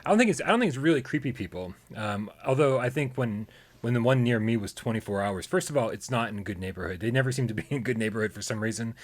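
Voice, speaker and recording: A man's voice: medium pitch, animated, fast talker. A man co-hosting a live gaming stream, chatting loosely with self-deprecating jokes and many restarts. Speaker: podcast co-host. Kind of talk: casual chat on a live stream.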